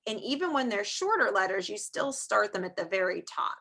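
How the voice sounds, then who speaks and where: Bright-voiced lady teacher, sing-songy, slow and stretched for little kids, sounds like a video call. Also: medium pitch, sing-song, husky. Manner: sing-song, drawn-out teacher talk for young children. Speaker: preschool teacher. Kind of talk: online small-group phonics lesson. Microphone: screen-share video call.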